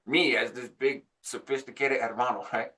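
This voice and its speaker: A man in his forties casually telling a story about his past, jumping higher in pitch when he acts out what others said. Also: normal speed. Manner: animated, jumps higher when quoting others; laughs between phrases, frequent "right?". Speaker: channel host recounting prison life.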